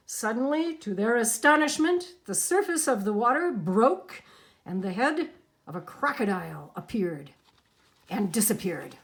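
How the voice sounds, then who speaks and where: A woman narrating a picture book aloud with an expressive, animated delivery. Her voice sits fairly high and swings widely through each line, and she takes her time. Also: measured pace. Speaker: storybook narrator.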